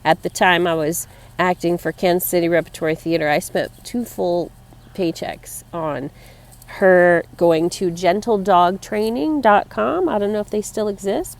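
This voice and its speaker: A woman's voice: lowish voice, darkish tone. A woman talking casually to her viewers in a personal vlog, chatty and rambling, fond and tender as she talks about her pets. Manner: chatty and rambling, laughs between thoughts. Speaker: vlogger.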